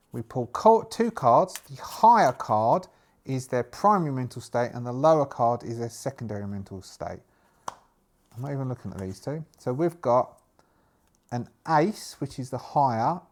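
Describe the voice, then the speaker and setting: A man narrating a solo tabletop game, thinking aloud in a halting way as he rolls dice and draws cards. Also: mid-range voice.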